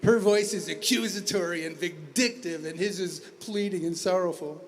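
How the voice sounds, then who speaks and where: A man's voice: high-pitched, normal speed, slight background noise. Wry man telling a story on stage. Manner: conversational and wry, with asides and restarts. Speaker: talent show performer. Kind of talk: spoken storytelling. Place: community center stage.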